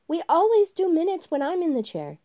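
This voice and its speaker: A woman's voice: very high-pitched, huge pitch swings, a little fast, mellow, voice pushed up, heavily acted. A woman voicing a fussy, insistent character who demands proper procedure in a storybook reading. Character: fussy, insistent keeper of minutes.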